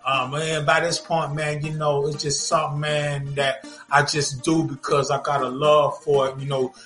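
A man's voice: a little high, moderate pace, faint music behind. A man co-hosting a podcast, venting in casual slangy chat with lots of repetition. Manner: animated, repetitive, slangy ranting. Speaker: podcast co-host.

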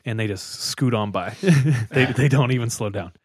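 A young man hosting a podcast, telling a travel story in a casual, animated way, laughing often and acting out the people in it. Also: medium pitch, normal speed, slightly rough, dry recording, studio quality. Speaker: podcast host. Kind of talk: casual storytelling among friends.

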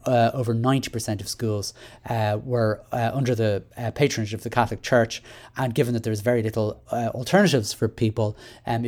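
A man's voice: mid-range voice, darkish tone. An Irish man hosting a solo education podcast, talking in a chatty, rambling way with many fillers and restarts. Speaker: podcast host.

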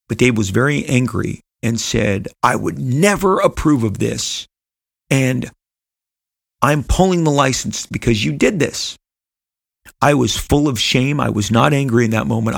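A man's voice: mid-range voice, gravelly, slightly rough, no echo. A middle-aged man, a comic book creator, telling a personal story in an earnest, rambling way with frequent restarts.

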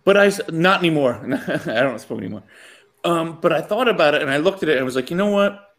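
Man, animated storyteller with a fairly high, swooping voice. Casual anecdote, quotes people, frequent laughs. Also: fast talker.

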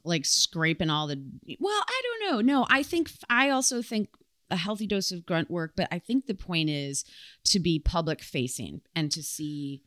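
A young woman co-hosts a casual podcast, reading headlines aloud and acting out what people said. Her voice sits on the low side but moves a lot in pitch. The sound is dry and close. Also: moderate pace, no room sound. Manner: animated, reads out headlines and acts out quotes. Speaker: podcast co-host. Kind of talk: casual chat.

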